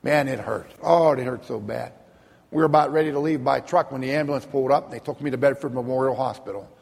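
A man's voice: medium pitch, fast, creaky, a little mellow, slightly rough, in a large hall. A middle-aged man giving an earnest, plainspoken personal testimony, sometimes repeating words when moved. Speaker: speaker telling a personal testimony.

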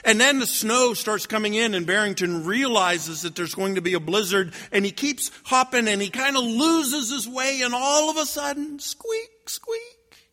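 A man's voice: extremely high pitch, normal speed, few pauses, long reverb tail. A man telling a children's story aloud, with frequent restarts and repeated words. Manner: repeats and restarts, gentle told-aloud pace. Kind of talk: oral storytelling.

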